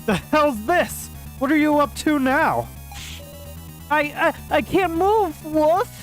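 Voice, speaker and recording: Woman voicing an angry game heroine, slightly higher than her own voice. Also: slow, faint music behind, poor audio. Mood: defiant.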